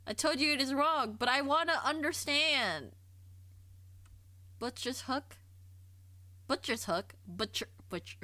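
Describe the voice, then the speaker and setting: A woman streamer chatting casually on a livestream, curious and quick to laugh, often stumbling and repeating herself as she thinks aloud. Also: on the high side, pushed and bright, no room sound. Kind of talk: casual livestream chat, reading and answering chat.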